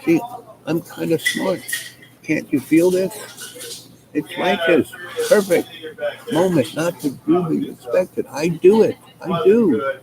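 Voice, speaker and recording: A man's voice: medium pitch, normal speed, crowd noise, close to an everyday voice, poor audio. A man playing an eager, bumbling small-town police officer who pleads and boasts, with a noticeable hiss behind. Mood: excited.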